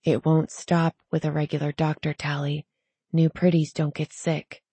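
Woman voicing a strained young man, murmuring low. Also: flat delivery, brisk, warm tone, slightly rough, dry recording. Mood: strained hush.

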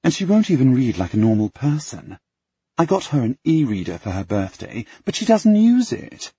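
A man puts on a brash young lady of the gentry in a storybook reading, loud and theatrical. The voice sits far above his own, with a rasp and wide swings. The recording is dry and dull. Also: mid-range voice, big pitch swings, moderate pace, no room sound, pitched above the performer's own voice. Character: brash, dramatic young noblewoman.

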